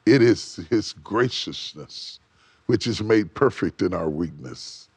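Lively low-voiced man preaching. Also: takes it slowly, breathy edge, dry recording. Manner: swells up then drops to near whisper, repeats phrases. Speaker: bishop and guest preacher. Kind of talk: preaching on a TV talk show. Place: TV studio set.

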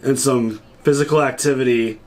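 A man's voice: mid-range voice, fairly even intonation, normal speed, a little mellow. A man co-hosting a casual movie reaction chat, laid-back, laughing often and cracking dry jokes. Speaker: reaction video co-host.

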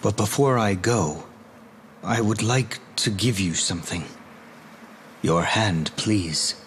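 Devoted young shadow knight, low voice, gentle, formal, faint hiss behind. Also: male voice, slow pace. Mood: earnest. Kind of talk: game voice acting.

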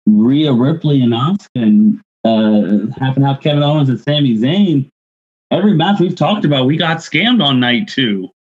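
Husky man on a lo-fi podcast mic. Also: mid-range voice, expressive, moderate pace. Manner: leads the segment, asks others for takes. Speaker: podcast co-host. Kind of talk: casual podcast review chat.

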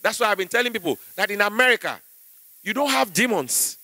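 Young Nigerian man, stand-up in church, high bright voice, dry close sound, animated, acts out voices. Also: brisk, no echo. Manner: animated storytelling, acting out voices, rising to shouts. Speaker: comedian.

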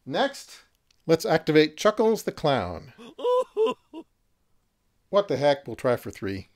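A man narrating and refereeing a horror miniatures game, chatty and quick to laugh at his own jokes. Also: fairly high pitch, big pitch swings. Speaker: game master.

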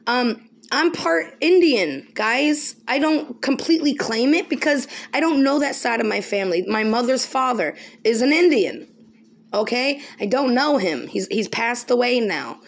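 A woman vlogger giving an emphatic, preachy monologue, often pausing to ask "okay?". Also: on the high side, expressive, vocal fry. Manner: emphatic, repetitive, keeps asking okay. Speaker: spiritual vlogger.

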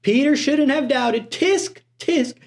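A man voicing a prim, finger-wagging churchgoer in a mock country accent, tutting in a high, preachy voice. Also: slow, vocal fry, exaggerated voice. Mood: tutting scold.

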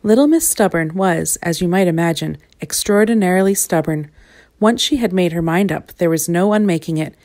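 A woman reading a children's picture book aloud with expressive, playful asides to the listener. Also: fairly low pitch, moderate pace. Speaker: storybook reader.

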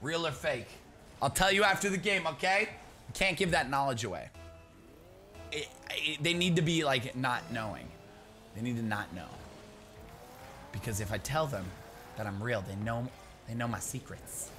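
A young man chatting through live gameplay, talking to his teammate and breaking into excited shouts. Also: medium pitch, moderate pace, pauses often, soft background music. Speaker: gaming YouTuber. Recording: background noise.

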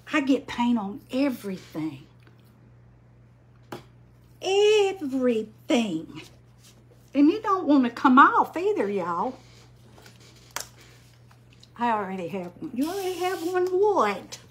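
An older woman, chatting slowly on a craft livestream, greeting viewers by name while she paints. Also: on the high side, very animated, slight background noise. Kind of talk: casual live-stream chat while painting.

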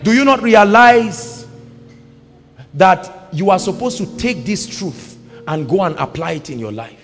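A man with a Nigerian accent preaching a sermon, moving between quiet talk and loud shouted declarations. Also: lively intonation, a little slow, in a large hall, faint music behind. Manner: booming, swings from quiet to shouting.

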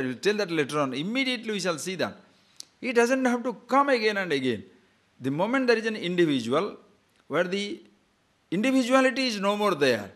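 A man teaches scripture in a lively, wandering way, full of rhetorical questions. His voice sits a little high and swoops up and down a great deal. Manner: animated, rhetorical questions, digressive storytelling. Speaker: spiritual teacher. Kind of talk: spiritual discourse on scripture.

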